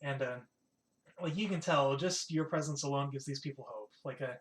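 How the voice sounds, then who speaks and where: A man's voice: mid-range voice, normal speed, a little hiss or hum. A man narrating a tabletop game as game master, casual and full of "like" and "kind of". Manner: casual, filler-heavy, says "like" and "kind of" often.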